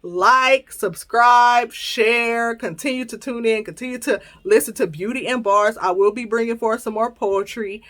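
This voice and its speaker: A woman, hosting a podcast and telling a personal story to her listeners in a casual, animated way, laughing as she goes and acting out her own quoted lines. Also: fairly high pitch, unhurried, few pauses. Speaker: podcast host.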